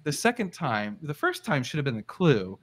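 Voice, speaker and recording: Animated man telling a wild story. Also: moderate pace. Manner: animated, swears freely, acts out quotes in a high voice. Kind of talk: casual storytelling on a live car show.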